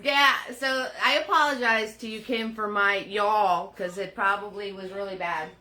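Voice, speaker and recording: A woman with a New Jersey accent who drops her R's, leading a live painting class, chatty and quick to laugh as she greets viewers by name. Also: mid-range voice, steady tone, bright, forceful tone, low-quality recording. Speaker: painting instructor.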